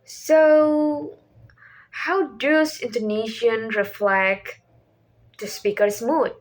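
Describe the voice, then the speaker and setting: A woman's voice: a little high, steady tone, drawn-out words. A young woman whose first language is Indonesian, reading a class presentation from a script as questions and answers, with small restarts. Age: young adult. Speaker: student presenter.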